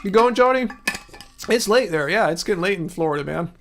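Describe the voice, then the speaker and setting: A man's voice: sits high, animated, brisk, a bit bright, slight background noise. A man in his forties hosting a casual livestream, earnestly questioning viewers in chat with many restarts. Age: 40s. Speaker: livestream host answering chat. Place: home studio.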